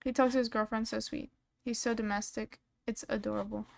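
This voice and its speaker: A woman's voice: on the high side, flat delivery, a little fast, creaky. A woman commenting casually on a stream, reading messages aloud and reacting bluntly, with frequent swearing.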